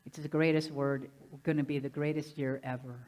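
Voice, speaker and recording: A woman minister giving a lively, conversational sermon, often asking the congregation questions. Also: sits low, normal speed, heavy background noise. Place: church sanctuary.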